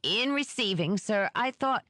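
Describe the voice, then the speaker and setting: A woman's voice: mid-range voice, animated, a little slow, no room sound, studio quality, close to an everyday voice. A woman voicing a small, timid male assistant who speaks nervously and deferentially.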